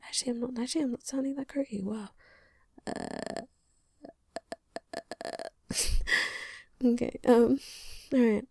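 Croaky whispering woman, soft ASMR chat. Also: a little high, steady tone, slow, pauses often, dry recording, studio quality. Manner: soft rambling whisper with fillers. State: slightly congested and croaky. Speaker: ASMR creator. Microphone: USB condenser mic.

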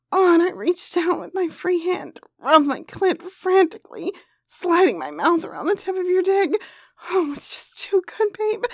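A woman narrating explicit erotic role-play in a breathy, moaning voice that drifts into whispers. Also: very high voice, huge pitch swings, normal speed, no room sound.

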